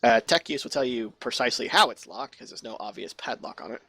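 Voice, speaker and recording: A man's voice: mid-range voice, lively intonation, fast, gravelly, bright, forceful tone, breathy edge, dry recording. A man narrating as game master over voice chat, in a loose, chatty way with many fillers. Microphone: online voice chat mic.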